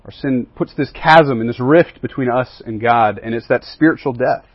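A man with a husky, breathy voice teaches a Bible lesson to a group, often checking in with "right?" along the way. The sound is dry and close, with no room echo, but a little dull and muffled. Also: mid-range voice, normal speed. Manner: keeps asking the group questions and checking in with "right?" and "okay?".

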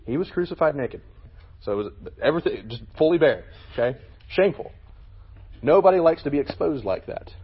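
A man's voice: a little high, lively intonation, fairly quick, slightly rough, dull audio. A man leading a casual Bible lesson for a youth group, talking to them with frequent "okay?" check-ins.

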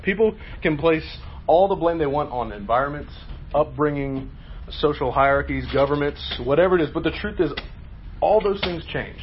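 A man's voice: fairly high pitch, animated, normal speed, highs cut off, a little hiss or hum. A man leading a group Bible study, asking questions and explaining in a conversational, emphatic way.

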